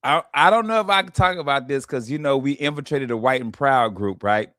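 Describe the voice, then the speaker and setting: A man telling animated, slangy stories and laughing often on a comedy radio show. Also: mid-range voice, a little fast, no room sound, clean studio sound. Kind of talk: casual comedy radio banter. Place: radio studio.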